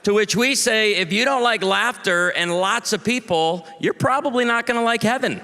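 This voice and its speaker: A man's voice: high voice, moderate pace, pushed and bright. A man in his forties, a pastor doing stand-up comedy for a live audience, punchy and playful, calling for the crowd to answer. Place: large live venue. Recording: long reverb of a large venue.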